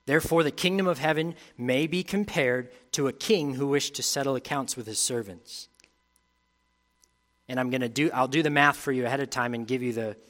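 Preaching as a pastor, a man with a mid-range voice reads scripture aloud and builds in intensity. He then settles into a quiet, reflective tone.

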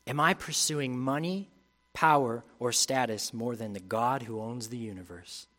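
A man's voice: medium pitch, measured pace. Male pastor preaching a sermon. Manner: reads scripture aloud, rising in intensity, then drops to quiet reflection.

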